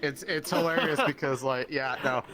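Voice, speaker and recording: A man's voice: mid-range voice, steady tone, normal speed, over music. A man chatting casually out of character after a role-play session, swearing freely and laughing as he recounts the game. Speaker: tabletop role-play player.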